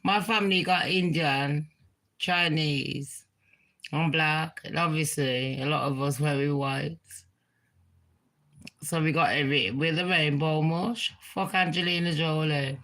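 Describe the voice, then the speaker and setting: A woman's voice: deep voice, fairly even intonation, slow pace, fairly bright tone, rough recording. A woman chatting casually as a celebrity gossip vlogger, rambling and swearing freely. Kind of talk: casual chat.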